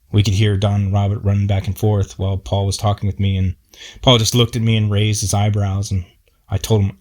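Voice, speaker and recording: Plainspoken male storyteller with a somewhat low voice and folksy delivery. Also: flat delivery, a little fast, a little mellow. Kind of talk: personal storytelling.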